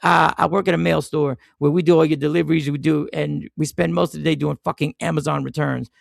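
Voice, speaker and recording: Gravelly man telling a story on a podcast. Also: on the high side, fast, no echo, studio quality. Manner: profane, animated storyteller, acts out quoted voices. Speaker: podcast host. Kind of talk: casual chat storytelling.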